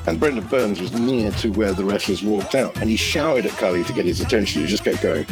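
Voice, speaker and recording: A man co-hosting a podcast, telling sweary, animated stories in casual chat. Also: on the low side, a little fast, over music. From Britain. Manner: sweary, animated storytelling with bursts of laughter. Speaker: podcast co-host.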